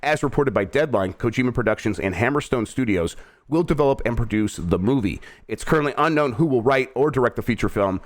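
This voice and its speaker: A man's voice: mid-range voice, expressive, brisk, no echo, clean studio sound. A middle-aged American man hosting a game news show, reading headlines and then riffing on them in an easygoing way with lots of fillers. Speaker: host. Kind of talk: casual news chat.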